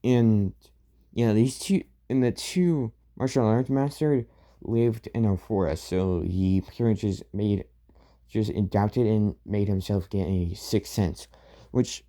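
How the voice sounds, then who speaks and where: A man's voice: fairly low pitch, takes it slowly, dark tone. A man casually retelling a fan-made story, rambling with many fillers and restarts.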